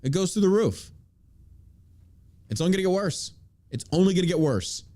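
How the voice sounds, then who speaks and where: A man's voice: high-pitched, expressive, normal speed, mellow. Ranting, profane man host. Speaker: podcast host. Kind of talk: casual podcast chat.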